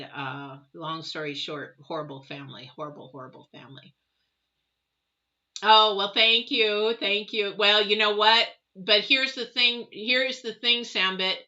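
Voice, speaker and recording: A woman's voice: medium pitch, bright, forceful tone. Chatty, emphatic woman tarot reader. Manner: chatty, emphatic, addresses viewers directly. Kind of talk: casual storytelling to viewers. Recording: dull lo-fi audio.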